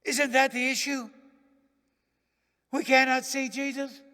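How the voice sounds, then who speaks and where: A male pastor preaching a sermon in a church, swinging dramatically from loud declarations to hushed near-whispers. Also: very high-pitched, level tone, slow, long reverb tail.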